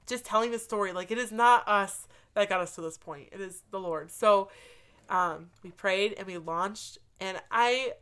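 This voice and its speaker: A woman in her thirties tells a personal story in a casual, earnest way, saying "like" often. Her voice sits in a middle pitch. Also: moderate pace, clean tone. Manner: earnest, animated storytelling with frequent "like". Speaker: guest telling her story. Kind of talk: casual chat.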